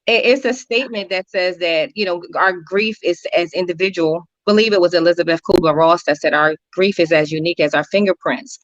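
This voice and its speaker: A woman guest counselor talking earnestly in an interview, telling stories with lively repetitions. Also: on the low side, brisk, hardly any pauses, dry recording. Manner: earnest, animated storytelling with repetitions. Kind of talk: conversational interview talk. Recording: dry, dull lo-fi audio.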